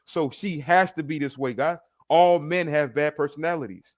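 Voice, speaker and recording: Loud crude-talking man co-host. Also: fairly high pitch, normal speed, no echo, clean studio sound. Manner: loud, crude, emphatic repeating. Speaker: podcast co-host. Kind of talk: casual commentary chat.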